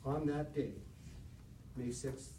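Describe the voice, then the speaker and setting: A man giving a prepared speech in measured storytelling tones. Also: mid-range voice, fairly even intonation, warm tone, a little hiss or hum. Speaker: speaker at a speech club. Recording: roomy hall from far off.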